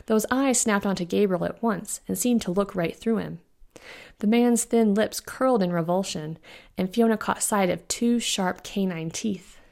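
A woman, the author, reading her own fantasy novella aloud in an even, unhurried storytelling manner. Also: mid-range voice, creaky. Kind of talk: audiobook-style fiction narration.

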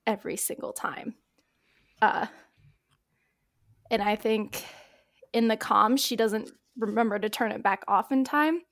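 A woman's voice: fairly high pitch, fairly even intonation, measured pace, pauses often. A woman playing a tabletop role-playing game who describes her character's actions in a rambling way, full of fillers. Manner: rambling, lots of fillers like "like" and "I think". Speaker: player.

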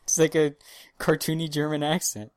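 A man co-hosting a casual podcast chat, profane and excitable, bursting into mock-dramatic rants. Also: on the high side, normal speed. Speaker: podcast co-host.

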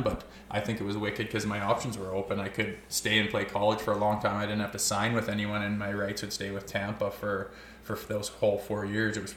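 Ex-athlete guest, lowish voice, swears freely, relaxed storyteller, roomy echo. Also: male voice, a little hiss or hum. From Canada (Olds, Alberta). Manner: loose and profane, swears constantly. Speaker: podcast guest, former hockey player. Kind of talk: casual storytelling chat.

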